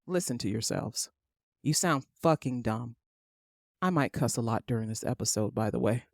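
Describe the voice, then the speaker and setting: A woman's voice: rumbling low, animated, normal speed, creaky, dry recording, studio quality. A middle-aged woman hosting her own podcast, ranting emphatically and with exasperation, swearing freely. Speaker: podcast host. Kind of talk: ranting solo podcast monologue.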